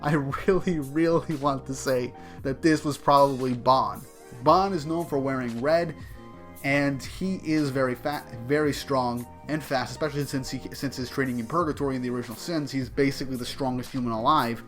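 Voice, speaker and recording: A man casually recapping a manga chapter, speaking excitedly and speculatively, often restarting his sentences. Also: medium pitch, moderate pace, faint music behind. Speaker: manga reviewer.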